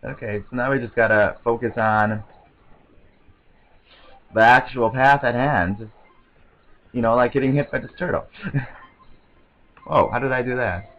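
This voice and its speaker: A man giving casual, excitable gameplay commentary, rambling to himself and often stammering over restarts. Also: medium pitch, moderate pace, long pauses, low-quality recording. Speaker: let's play commentator.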